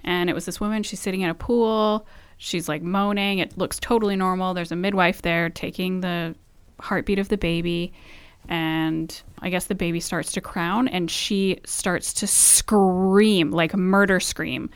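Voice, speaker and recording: A woman co-hosting a podcast, telling stories in an animated way and swearing freely. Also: fairly low pitch, unhurried, clean tone, no echo. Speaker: podcast co-host, expecting mother. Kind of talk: casual chat.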